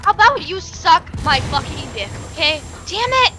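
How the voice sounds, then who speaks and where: Woman gamer, high lively voice, slow, foul-mouthed chat over music. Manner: profane, giggly, swears a lot. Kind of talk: casual game chat.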